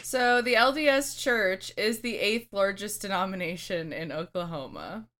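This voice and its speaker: A woman's voice: medium pitch, animated, normal speed, a bit bright. A woman co-hosting a podcast, chatting about a book in an easygoing, thoughtful way. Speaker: podcast co-host. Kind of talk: casual book-critique chat.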